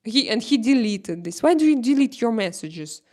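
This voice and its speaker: A woman with a Slavic accent hosting a casual livestream chat, answering viewers' comments in halting, animated English full of restarts. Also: a little high. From Slavic country. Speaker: livestream host.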